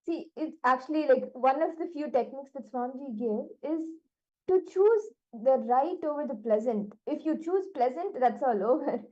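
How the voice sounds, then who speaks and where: A woman's voice: high-pitched, expressive, normal speed, darkish tone. A woman giving a spiritual lesson, explaining with everyday examples and many "like" fillers. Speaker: spiritual teacher. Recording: dull lo-fi recording.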